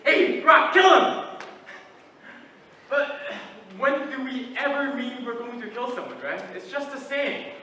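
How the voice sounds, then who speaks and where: Brief: teen guy as a patient reasoning juror, bright high voice, long hall echo from afar. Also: moderate pace. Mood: persistent. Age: late teens. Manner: methodical, reasoning aloud, some restarts. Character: calm, persistent male juror reasoning. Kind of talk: stage play performance. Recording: echoey hall from far off, light noise.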